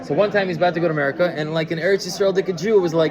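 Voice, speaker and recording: A man with a fairly high voice teaches a class in a loose, chatty way, stumbling through restarts and throwing questions at his listeners. Audience noise can be heard around him in the room. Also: steady tone, rapid-fire, highs cut off, crowd noise. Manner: conversational, full of fillers and restarts, asks the listeners questions. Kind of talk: informal Torah lecture with storytelling.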